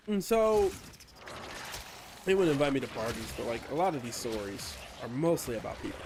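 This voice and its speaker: A man's voice: mid-range voice, normal speed. A man streaming a video game, chatting in a rambling, profane, self-deprecating way while he plays. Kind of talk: casual gaming stream chat. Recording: steady background noise.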